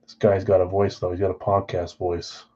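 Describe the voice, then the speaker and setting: A man hosting a live card-break stream in casual chat, rattling off names and teams, swinging between loud calls and quiet asides. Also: sits low, monotone, moderate pace, lo-fi sound.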